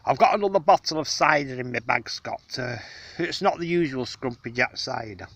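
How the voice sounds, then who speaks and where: A man's voice: medium pitch, animated, normal speed, vocal fry, fairly bright tone, no room sound. A man rambling in an affected, genteel way with many fillers, chatting outdoors to the person filming him. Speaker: vlogger. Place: outdoors in the countryside on a hot day.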